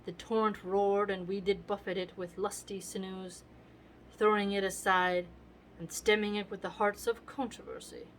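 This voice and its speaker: Envious scheming roman nobleman read by a woman, measured recitation, steady even pitch. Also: a little hiss or hum, close to an everyday voice, poor audio. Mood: resentful. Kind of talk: reading a play aloud.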